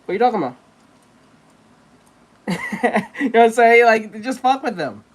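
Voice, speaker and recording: A woman's voice: fairly high pitch, expressive, normal speed. A woman artist chatting casually while she draws, rambling and blunt with plenty of swearing. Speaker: artist streamer. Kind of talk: casual chat while drawing.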